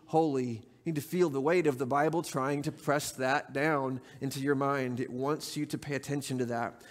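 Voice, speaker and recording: Male pastor, sermon, chatty and repetitive for emphasis, lightly raised pitch, reverberant sanctuary. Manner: conversational, repeats words for emphasis. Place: church sanctuary.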